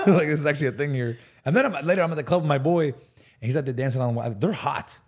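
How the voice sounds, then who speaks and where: Fast-talking husky young man. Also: medium pitch, darkish tone. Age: 20s. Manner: playful, teasing, quick to joke. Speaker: podcast guest. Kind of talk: casual joking chat.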